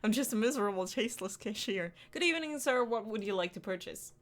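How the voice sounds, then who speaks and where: This is a woman voicing a young cashier working a gas station counter in a visual novel. She is wry and deadpan, and her lines come out sarcastic and playful. The voice sits at an ordinary, middling pitch. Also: fast, natural voice.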